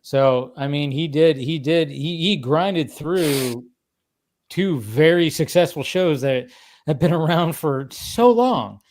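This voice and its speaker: Casting note: man, slightly high voice, animated stream host, rambles and restarts. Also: takes it slowly. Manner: rambling, animated, many restarts and acted-out quotes. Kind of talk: casual chat.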